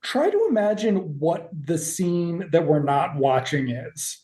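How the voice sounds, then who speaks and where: A woman's voice: fairly low pitch, big pitch swings, slow pace, warm tone. A woman co-hosting a podcast, recapping a TV episode in casual, profane, jokey chat and acting out the characters' lines. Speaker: podcast co-host.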